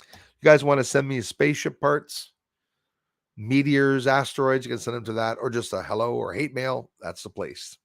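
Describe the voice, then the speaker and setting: A man's voice: medium pitch, fairly even intonation, moderate pace, creaky, no echo, studio quality. A man hosting a casual live stream, rambling as he greets viewers and reads their chat comments aloud.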